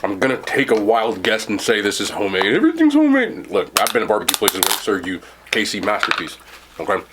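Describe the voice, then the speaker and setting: Heavy background noise surrounds a young New Jersey man who eagerly reviews food while chewing, eating-vlog style. He talks fast in a lowish voice with a steady tone.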